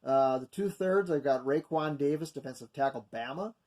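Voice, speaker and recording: With a voice on the high side and a darkish tone, a video host runs through mock draft picks from his notes at normal speed. The commentary is casual and off the cuff, full of rambling, fillers, and self-corrections.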